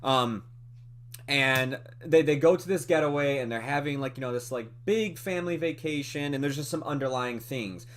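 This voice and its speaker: A man co-hosting a movie podcast, talking through a film review in a casual, animated way with lots of fillers and laughs. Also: medium pitch, normal speed. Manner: animated, chatty, many fillers, laughs often.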